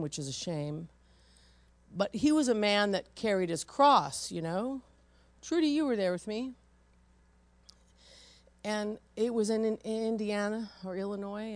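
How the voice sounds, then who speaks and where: An older woman, a grandmother, preaching a sermon full of personal stories, swinging between loud and hushed. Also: medium pitch, dry recording. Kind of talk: storytelling sermon.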